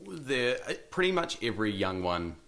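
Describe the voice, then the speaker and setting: NZ man, 30s, interview guest; low voice, relaxed and halting, lots of fillers. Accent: New Zealand. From New Zealand. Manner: hesitant, many ums and restarts, laughs easily. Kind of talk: casual interview.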